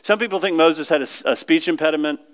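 A man's voice: on the high side, quick pace. A man preaching a sermon in a conversational way, often asking the congregation questions.

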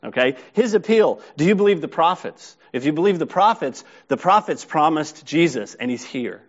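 A man's voice: a little high, lively intonation, normal speed. Man preaching in a lo-fi recording. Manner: expository, reads scripture then explains it conversationally. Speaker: pastor. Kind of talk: sermon.

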